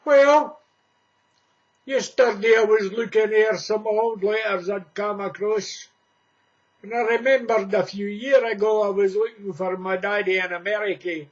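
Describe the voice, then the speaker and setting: A man's voice: sits high, fairly even intonation, measured pace. A Scottish man in his sixties chatting to camera in a casual vlog, joking and laughing at his own jokes. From Scotland. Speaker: vlogger. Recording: dull lo-fi home recording.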